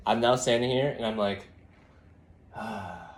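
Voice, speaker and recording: A young man records a rambling, reflective vlog on his phone, lying on his side at first and later standing. His voice is on the low side, congested and throaty, with fairly even intonation and a slightly slow pace as he muses aloud, meandering and full of fillers.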